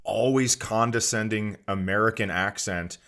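A man's voice: fairly low pitch, normal speed, a bit bright. A man co-hosting a comedy podcast in casual chat, who teases his partner in a dry way. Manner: dry, teasing. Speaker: podcast co-host.

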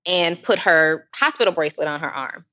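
A woman co-hosting a podcast, telling a story in casual chat, animated and laughing often, acting out other people's voices. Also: on the low side, a little fast. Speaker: podcast co-host.

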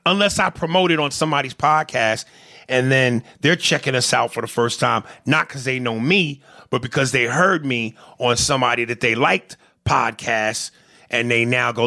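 A man's voice: medium pitch, normal speed, vocal fry, sharp tone, no room sound, clean studio sound. A man hosting a podcast, reading listener messages aloud and arguing basketball in blunt, profane casual chat. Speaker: podcast host.

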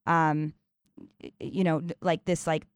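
A woman with a smooth, lowish voice speaks slowly and reflectively, often pausing to search for the right word. The recording is close and dry, with no room echo. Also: flat delivery. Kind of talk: casual conversation.

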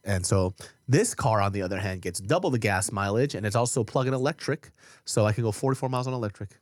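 A man's voice: fairly low pitch, expressive, quick pace, no room sound, clean studio sound. Swearing, laughing man on a podcast. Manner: profane, laughing, storytelling with voiced quotes. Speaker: podcast co-host. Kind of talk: casual podcast chat.

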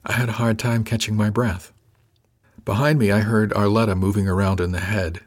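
A man reading a first-person story aloud, calm and measured with a gentle touch. His voice sits on the low side. The telling is even and unhurried. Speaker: audiobook narrator. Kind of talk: first-person audiobook narration.

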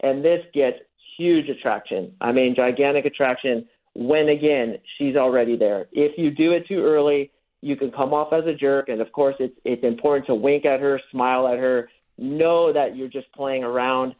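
In a radio interview heard over a thin phone line, a male dating coach explains his methods and acts out the lines he uses. His voice is mid-range and his pace moderate.

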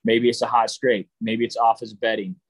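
A man's voice: fairly low pitch, flat delivery, moderate pace, slightly rough, dry recording, low-quality recording. A man giving a casual, plain-spoken lesson on deer hunting, with frequent ums and restarts. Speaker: hunting instructor. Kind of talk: casual instructional talk.

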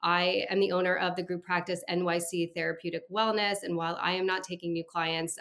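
This gravelly, fairly low-pitched voice belongs to a woman in her thirties who works as a therapist. She's a podcast guest in a casual, reflective interview, sounding warm and chatty and using plenty of fillers.

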